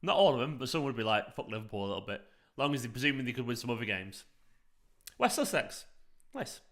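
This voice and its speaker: Chatty bright-voiced fan host. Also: male voice, mid-range voice, racing. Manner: chatty, reacts to play and greets viewers by name. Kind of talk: live match watchalong commentary, reading chat.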